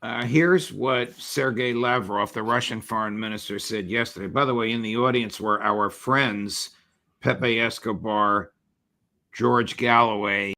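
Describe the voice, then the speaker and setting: A man's voice: lowish voice, fairly even intonation, a little slow, vocal fry, pushed and bright. A man hosting an interview show, putting pointed questions to his guest and introducing clips. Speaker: show host.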